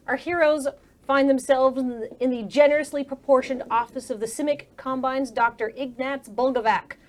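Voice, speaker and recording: A woman game master narrating a tabletop game with wry humor. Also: high-pitched.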